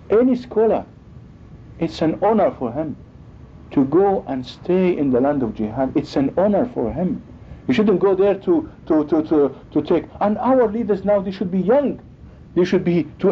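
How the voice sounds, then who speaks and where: High, lively-voiced male preacher. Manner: emphatic, acts out quoted dialogue. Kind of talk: sermon. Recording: dull lo-fi recording with faint rumble.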